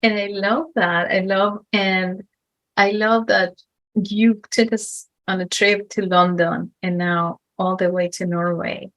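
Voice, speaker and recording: A woman hosting a podcast, introducing her guest and asking questions, reading her introductions slowly and carefully. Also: mid-range voice, steady tone, a bit bright, no echo, lo-fi sound. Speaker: podcast host.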